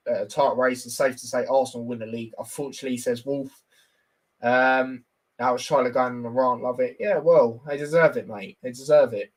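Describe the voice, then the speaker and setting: A man's voice: mid-range voice, fairly even intonation, moderate pace. A young man giving casual, blunt football predictions on a livestream, reading stats and viewer comments with lots of fillers.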